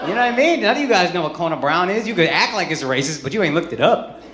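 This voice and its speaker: A man doing stand-up crowd work, loud and profane, breaking into shouts. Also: high-pitched, very animated, fast talker, heavy background noise. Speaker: stand-up comedian. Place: live comedy venue with audience. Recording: roomy live venue with loud crowd.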